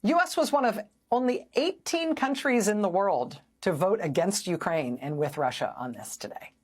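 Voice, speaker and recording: A woman's voice: medium pitch, lively intonation, moderate pace, husky. A woman hosting a news show, delivering sarcastic, incredulous political commentary. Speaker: host.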